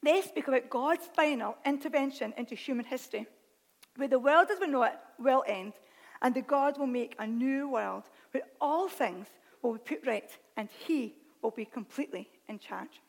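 Animated woman preaching in a reverberant hall. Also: high-pitched, moderate pace. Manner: animated, self-deprecating, reads scripture aloud. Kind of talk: sermon.

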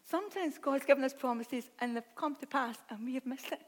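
High-voiced, excitable woman preacher. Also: fairly quick, in a large hall. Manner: excitable, laughs at herself, chatty asides. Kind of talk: sermon with scripture reading.

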